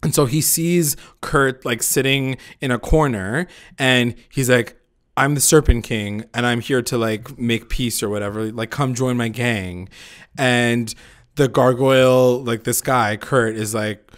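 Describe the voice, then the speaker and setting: A man's voice: mid-range voice, fairly even intonation, a little slow. A man co-hosting a TV recap podcast in casual chat, rambling and swearing, saying "like" constantly and acting out the characters' lines. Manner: rambling, profane, heavy use of "like"; acts out characters' lines in retelling. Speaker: podcast co-host.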